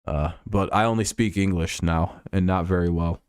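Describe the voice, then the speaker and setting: Low, smooth-voiced man casually chatting. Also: fairly even intonation, moderate pace, dry recording, clean studio sound. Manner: loose and joking, swears freely. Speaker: streamer hosting a football talk stream. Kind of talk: casual live-stream chat.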